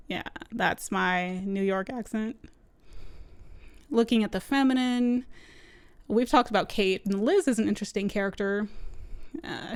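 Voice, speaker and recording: A woman's voice: medium pitch, clean tone, dry recording. A woman giving a chatty film review from home, loose and conversational, often saying "like". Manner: chatty, loose, with frequent "like" fillers. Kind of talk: casual spoken film review. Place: at home with her dog nearby.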